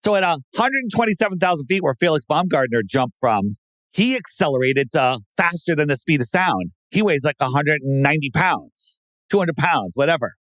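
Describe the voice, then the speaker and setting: A man talking casually and sarcastically, who often breaks into loud mocking impressions of other people. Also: on the high side, moderate pace, no echo. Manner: animated, sarcastic, mimics voices loudly. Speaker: podcast guest. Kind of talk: casual conspiracy talk.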